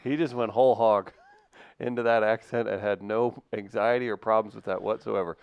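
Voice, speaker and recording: A man's voice: fairly low pitch, steady tone, normal speed, gravelly, clean tone, dull audio. A man hosting a casual morning radio show in a studio, teasing his co-hosts with wry, dry humor.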